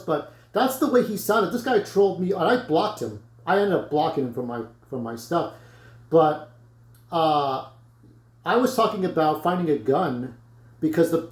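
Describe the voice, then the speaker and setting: Male vlogger, blunt rant, curses freely; slightly high voice, echoey room. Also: a little mellow. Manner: blunt, rambling, swears freely. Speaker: YouTuber vlogging to camera. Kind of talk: casual rant to camera.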